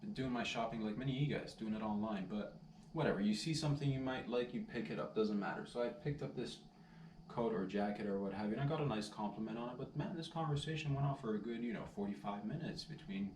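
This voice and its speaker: A man's voice: on the low side, quick pace, darkish tone, a little hiss or hum. A man vlogging casually, rambling and laid-back, saying "dude" and "man" constantly. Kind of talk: casual storytelling vlog. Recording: roomy sound, distant mic, faint ambience.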